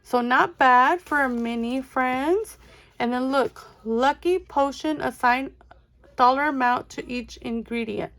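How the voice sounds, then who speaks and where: A young woman who hosts a budgeting channel speaks slowly in a high voice during a casual unboxing chat. Gushing and excitable, she shows off giveaway items and calls her viewers friends.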